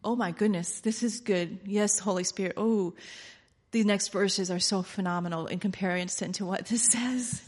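A woman preaching a sermon in an animated way, laughing often and acting out quoted lines. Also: medium pitch, normal speed.

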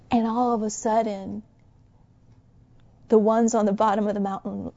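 A woman preaching a sermon, soft and musing at times and fervently exhorting at others. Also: mid-range voice, fairly even intonation, normal speed, muffled recording.

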